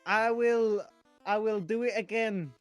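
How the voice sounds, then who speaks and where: A man playing a tabletop role-play game, excitable and playful, jumping into character. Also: sits high, unhurried, loud music behind the voice. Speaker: player, podcast host.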